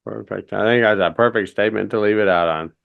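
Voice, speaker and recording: A man's voice: lowish voice, quick pace, gravelly, narrow, tinny audio. A man hosting a podcast, easygoing and chatty with loose fillers. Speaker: podcast host. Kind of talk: casual conversation.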